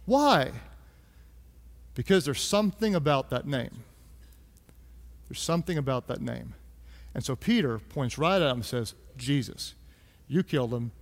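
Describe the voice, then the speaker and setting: A man's voice: on the high side, sing-song, a little slow, pauses often. A man preaching a sermon, joking and asking the congregation to answer aloud. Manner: conversational and joking, calls the crowd to answer aloud. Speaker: pastor. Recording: echoey hall.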